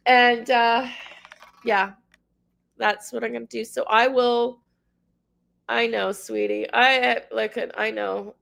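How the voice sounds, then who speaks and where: In a slightly high, gravelly voice with a fairly bright tone, a middle-aged Canadian tarot host talks slowly and pauses often, keeping a steady tone. She cries and rambles during an emotional livestream, addressing viewers by name.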